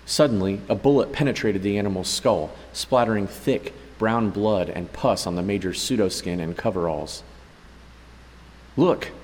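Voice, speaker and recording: Deep-voiced male audiobook narrator. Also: moderate pace, few pauses, a little mellow, in a large hall, rough recording. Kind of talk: scripted narration.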